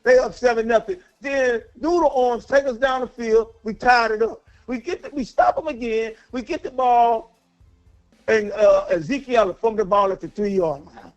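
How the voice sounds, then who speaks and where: Furious high-voiced man ranting on a call-in. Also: normal speed, soft background music. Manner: angry, profane, repeats himself. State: worked up. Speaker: caller. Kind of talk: heated call-in rant. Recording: dull lo-fi call audio.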